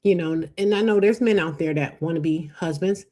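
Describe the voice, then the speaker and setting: A middle-aged woman hosting a live faith-based talk on marriage, preachy and animated, acting out quoted voices. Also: lowish voice, brisk, hardly any pauses. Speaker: show host.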